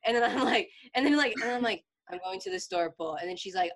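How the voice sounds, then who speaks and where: Young woman, exasperated storyteller, very lively intonation. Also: medium pitch, quick pace, few pauses. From Filipino family. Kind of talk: casual chat.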